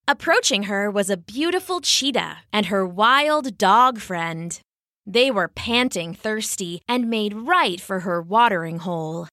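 A woman telling a children's story with a bright, lively voice that swoops up and down. She reads from a script in an expressive storybook manner. The sound is dry and close. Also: mid-range voice, a little slow, no echo. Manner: animated and expressive. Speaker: podcast storyteller.

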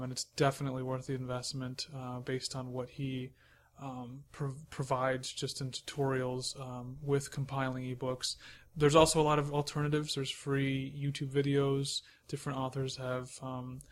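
Brief: male podcast host, laid-back advice from experience, even monotone delivery. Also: medium pitch. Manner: relaxed, conversational, hands-on advice. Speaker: podcast host and self-published author. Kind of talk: casual advice talk.

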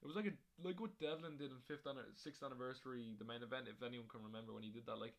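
A man's voice: medium pitch, steady tone, very fast. A man hosting a podcast on his own, recapping wrestling shows in a rambling, casual way with plenty of fillers and swearing. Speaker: podcast host.

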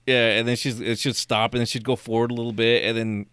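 A man's voice: mid-range voice, flat delivery, fast, a bit bright, clean tone, no room sound. A young man who works at a store, telling a rambling, profane story in casual chat and laughing along.

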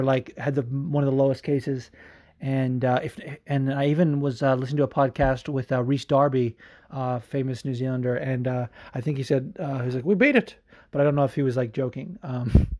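A man's voice: medium pitch, darkish tone, no room sound, studio quality. A man hosting a podcast in casual chat, rambling with lots of fillers and swearing. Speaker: podcast host.

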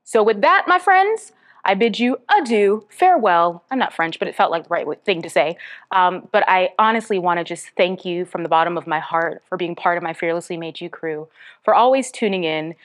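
A woman hosting a motivational podcast, speaking earnestly and encouragingly, with bursts of bubbly excitement. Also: on the low side, brisk. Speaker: podcast host and author. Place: Smyrna, Georgia area.

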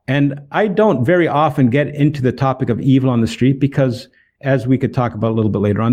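A man's voice: medium pitch, a little mellow. A man telling Bible stories and personal testimony in an earnest way, acting out the dialogue as he goes. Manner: earnest, retells dialogue with emphasis. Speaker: street evangelist.

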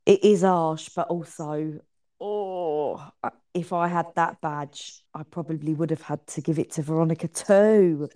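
A woman's voice: low voice, measured pace, mellow. A woman co-hosting a casual podcast, playful and giggly as she chats about a TV show. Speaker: podcast co-host. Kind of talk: casual chat recapping a TV show.

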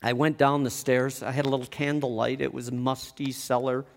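A man telling a personal story in an animated way, often restarting with quick repeated words. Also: medium pitch, creaky, long reverb tail, soft background music.

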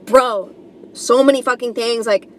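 A woman's voice: on the high side, steady tone, a little slow, a little hiss or hum. Rambling, profane young woman podcaster. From New York. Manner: rambling, profane, full of "like" and "you know". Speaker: podcast host. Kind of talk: casual comedic monologue.

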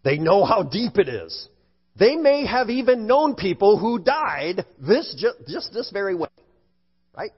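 Animated preacher guy, kinda husky, echoing hall sound, lo-fi. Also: sits high, unhurried. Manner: animated, acts out scared voices for effect. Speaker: pastor. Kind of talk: sermon. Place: church sanctuary. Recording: dull sound with long hall reverb.

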